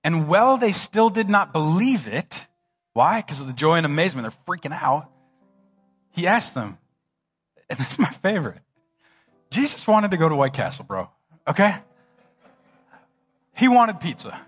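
A man's voice: high-pitched, sing-song, moderate pace, pauses often, fairly bright tone, husky, faint music behind. A male pastor preaching a sermon, acting out the scene with playful slang. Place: church hall.

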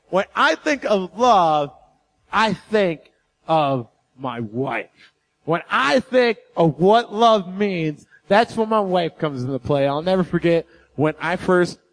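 High-voiced, animated young male preacher. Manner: animated, self-mocking storyteller. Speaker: guest preacher. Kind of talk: storytelling sermon.

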